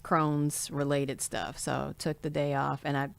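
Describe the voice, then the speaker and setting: Woman host, low voice, earnest and upbeat casual chat, quick to laugh. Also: little pitch movement, vocal fry. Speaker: podcast host.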